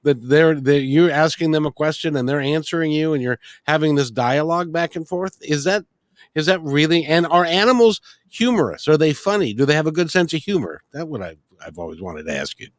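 A man's voice: fairly high pitch, animated, brisk, dry recording, clean studio sound. A man hosting, asking curious questions and laughing easily in casual talk. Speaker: host. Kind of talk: casual interview.

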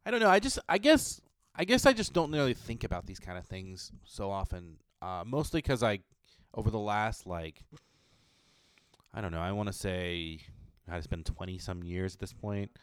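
A man's voice: fairly low pitch, lively intonation, normal speed, smooth, no room sound, clean studio sound. A man in a casual roundtable chat, talking in a rambling, hesitant way with many restarts.

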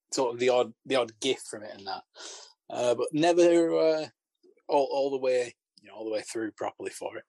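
A man's voice: mid-range voice, darkish tone, dry recording. Male co-host, wry and picky, dry room, mid voice. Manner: wry, nitpicking. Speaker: podcast co-host. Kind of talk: casual film discussion.

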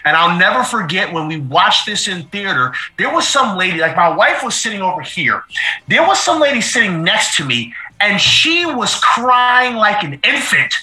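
A man chatting casually on a podcast, emphatic and quick to laugh, repeating himself as he talks. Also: sits high, very animated, bright, forceful tone, echoey room, poor audio. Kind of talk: casual chat.

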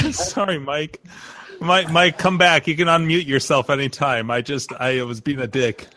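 A man's voice: on the high side, fairly even intonation, measured pace, pushed and bright, dry recording. A man chatting casually on a video call, joking and loose in his banter.

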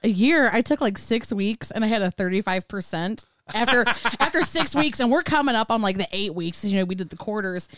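A woman's voice: medium pitch, expressive, brisk, few pauses, a bit bright, no echo, studio quality. A woman in her thirties from Ohio, chatting casually on a podcast and laughing easily.

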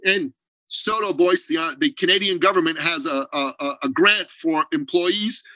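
Guy on a video call podcast, high voice, punchy and blunt, no room sound at all. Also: moderate pace, no echo, poor audio. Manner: emphatic, blunt, animated storytelling. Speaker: podcast guest, business owner. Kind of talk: energetic interview talk.

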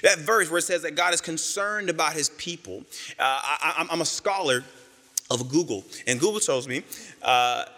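A male pastor preaches with a bright, slightly high voice, casual and joking as he retells a story. His words ring out with a long reverb from a large church hall. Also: normal speed. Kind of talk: sermon.

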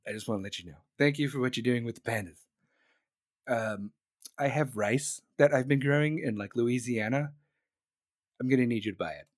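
A man's voice: mid-range voice, moderate pace, long pauses, no echo, studio quality, pitched below the performer's own voice, close to an everyday voice. A man doing an impression of a brash, boastful older male president, talking in blunt, bossy, repetitive phrases. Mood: wheeling-dealing.

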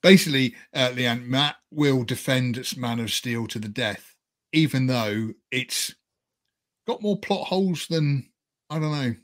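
A man's voice: mid-range voice, measured pace. A man hosting a casual podcast chat, joking and laughing often. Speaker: podcast host.

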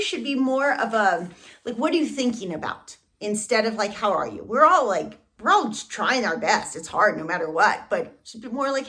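A woman's voice: on the high side, lively intonation, fairly quick, pushed and bright. A woman from the United States co-hosting a podcast in casual chat, talking freely with many "like" fillers and restarts. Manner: chatty, many "like" fillers, restarts mid-thought. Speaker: podcast co-host.

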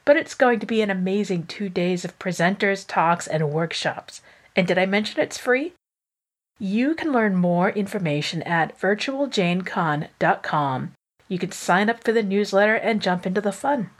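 A woman podcast host with an upbeat, clear delivery, reading a novel aloud. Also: mid-range voice, animated, moderate pace.

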